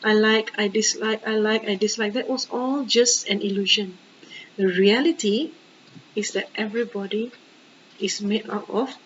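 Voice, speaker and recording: Animated woman giving a dharma talk. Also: on the high side, lo-fi sound, slight background noise. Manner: animated, with rhetorical questions and exclamations; checks in with the audience often. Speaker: Buddhist nun and teacher.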